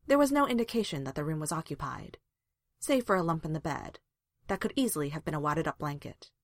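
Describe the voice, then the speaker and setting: A woman narrating a story aloud in a calm, even reading voice. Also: low voice, fast, no echo, clean studio sound. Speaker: reader.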